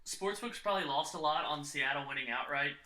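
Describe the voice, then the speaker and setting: A man's voice: on the high side, fairly quick, roomy sound, crowd noise, low-quality recording. A man hosting a casual sports podcast, leading the topics and talking with many fillers. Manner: chatty, leads topics, filler-heavy. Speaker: podcast host.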